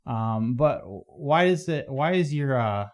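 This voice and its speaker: A man's voice: mid-range voice, animated, slow pace. A man hosting a podcast, asking questions in a casual, hesitant way with restarts. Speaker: podcast host. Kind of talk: casual interview talk.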